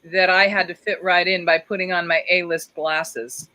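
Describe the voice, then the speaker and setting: A woman's voice: lowish voice, fairly even intonation, normal speed, few pauses, sharp tone, rough recording. A woman hosting a live talk show, chatting in a theatrical, enthusiastic way. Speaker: show host.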